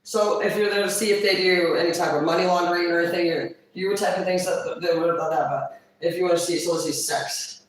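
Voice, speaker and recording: A woman's voice: lowish voice, steady tone, fast talker, hardly any pauses, slight background noise. A blunt, foul-mouthed woman rambles through a casual vlog monologue. She sits well back from the microphone, and her voice rings around a very echoey room. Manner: crude, profane, blunt. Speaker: vlogger. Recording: echoey room, far from mic.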